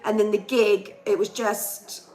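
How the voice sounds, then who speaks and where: Casting note: young woman, chatty livestream host, chesty and hoarse, mid-range voice. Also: medium pitch, flat delivery, takes it slowly, a little mellow, poor audio. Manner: chatty, ranting, reads viewer comments aloud. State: chesty, losing her voice. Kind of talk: casual live chat with viewers.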